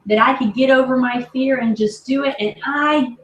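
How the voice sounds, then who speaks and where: A woman voicing her excited little daughter, breathless and beaming with pride, recorded from a distance in an echoey room. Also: high-pitched, moderate pace, slight background noise, pitched above the performer's own voice, lightly acted. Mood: proud, excited. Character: excited little girl proud of herself.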